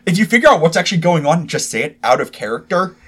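A woman's voice: fairly low pitch, big pitch swings, fast, slightly rough. A woman narrating as the game master of a tabletop game, describing scenes in a rambling way with fillers.

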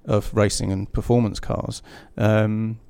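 A man's voice: lowish voice, flat delivery, slow pace, vocal fry, a little mellow, clear, resonant tone. A man who edits a magazine, talking casually on a panel with lots of fillers and restarts. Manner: chatty, many fillers and restarts. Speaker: magazine editor.

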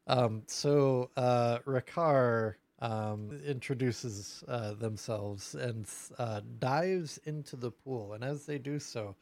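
A man running a tabletop game, narrating at an unhurried pace with many fillers and restarts. His voice is dry and close, with no room around it. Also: medium pitch, a little mellow, no room sound. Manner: casual and halting, full of fillers. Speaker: game master.

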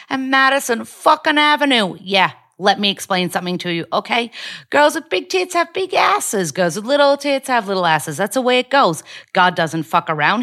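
An Australian woman performing an acted film monologue as a brash, foul-mouthed American woman with a put-on American accent and a fast, punchy delivery. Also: on the high side, a bit bright, pitched above the performer's own voice.

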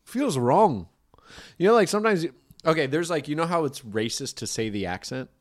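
A man's voice: a little high, lively intonation, a little fast. A man in casual podcast chat, rambling and joking, with frequent swearing. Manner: rambling, profane, jokey.

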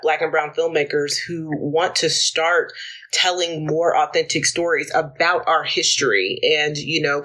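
A man's voice: a little high, pushed and bright. A man hosting a podcast, asking questions casually with affirmations and loose phrasing. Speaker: podcast host, interviewer.

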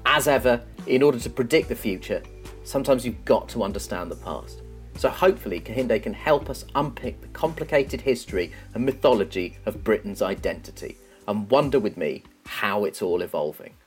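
A man's voice: lowish voice, animated, brisk, faint music behind. A man hosting a podcast, narrating scripted links and interviewing a guest, wry and self-deprecating. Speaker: podcast host.

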